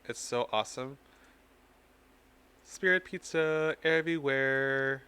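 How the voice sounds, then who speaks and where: A man's voice: medium pitch, slow pace, bright, forceful tone, clear, resonant tone. A man hosting a casual tarot reading live stream, playful and teasing with his viewers.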